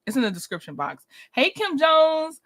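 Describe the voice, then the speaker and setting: Livestream host, woman, bright and somewhat high voice, chatty, laughs easily. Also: very animated, moderate pace. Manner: chatty, greets viewers by name, laughs often. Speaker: livestream host reviewing a reality show. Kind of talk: casual livestream chat.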